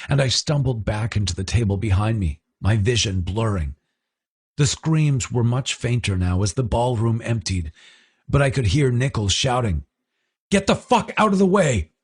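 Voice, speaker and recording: A man's voice: fairly low pitch, unhurried, darkish tone, breathy edge. A man narrating a romance audiobook in the first person, with intense, emotional delivery.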